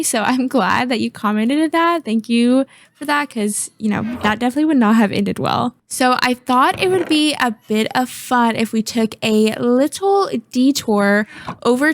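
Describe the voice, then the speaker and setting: Chatty woman narrating her gameplay. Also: a little high. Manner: chatty, thinks aloud, squeals excitedly at cute finds. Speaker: gaming video host. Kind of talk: casual gameplay commentary.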